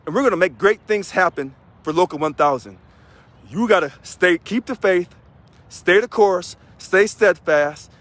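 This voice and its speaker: A man from Missouri, a union president, giving an energetic video address to union members and emphatically repeating key phrases. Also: high-pitched, measured pace.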